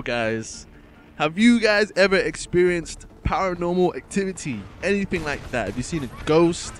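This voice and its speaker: A man's voice: mid-range voice, slight background noise. A young man commentating over gameplay, telling a story in a casual, rambling way with many restarts, often calling his viewers guys and man. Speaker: gaming commentator.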